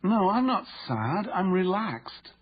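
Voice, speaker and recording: A woman's voice: deep voice, very animated, normal speed, husky, lo-fi sound, voice pushed up, exaggerated voice. A man voicing an earnest woman who insists on how she really feels. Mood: insistent. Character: earnest woman insisting on her true feelings.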